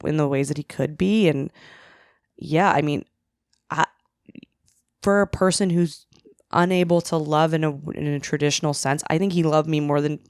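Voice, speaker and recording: A woman's voice: deep voice, fairly even intonation, moderate pace, pauses often, darkish tone, clean tone, no room sound, clean studio sound. A woman in her thirties, a comedian guest on a podcast, talking candidly and reflectively in casual conversation.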